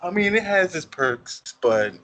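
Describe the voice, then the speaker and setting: A young man from Newark with a New Jersey accent, hosting a casual chat in a relaxed, rambling way. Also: high-pitched, unhurried, a little hiss or hum, poor audio. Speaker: host.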